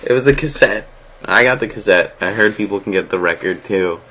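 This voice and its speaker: A man's voice: lowish voice, fairly quick, over a noisy crowd. A man co-hosting a casual comedy podcast, joking around in playful, rambling banter and laughing often. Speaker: podcast co-host.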